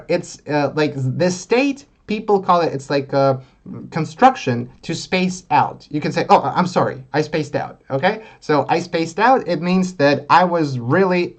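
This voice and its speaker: Man teaching English slang at a relaxed pace. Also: on the high side. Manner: relaxed, explains slowly with many fillers. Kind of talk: live online English lesson.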